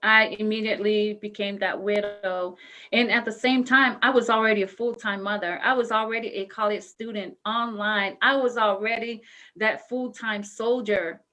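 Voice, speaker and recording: A woman's voice: medium pitch, steady tone, moderate pace, bright, forceful tone. A young adult woman guest speaker telling her story in a casual live-show chat, earnest and heartfelt, with many "you know" fillers.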